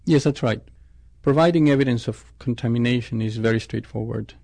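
A male scientist speaks in a gravelly, creaky voice at a middle pitch. He answers interview questions in a reflective way and often stops to restart his sentences. The sound is close and dry. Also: fairly quick, a little mellow, no room sound. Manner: thoughtful, with frequent restarts and self-corrections.

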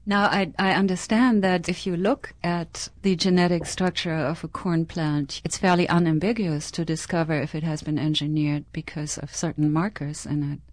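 A woman interviewing a guest, setting up a question in a measured, explanatory way. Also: deep voice, fairly even intonation, dry recording.

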